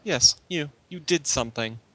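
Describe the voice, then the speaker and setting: A man's voice: fairly high pitch, normal speed, sharp tone. A man voicing a blunt, suspicious woman. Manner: blunt interrogating. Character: suspicious sharp-tongued woman.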